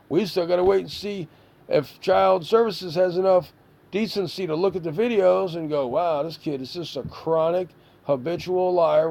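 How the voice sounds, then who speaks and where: A man's voice: fairly high pitch, gravelly, mellow. A man giving a stern, exasperated lecture to a child, full of rhetorical questions. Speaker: stepfather figure scolding a child.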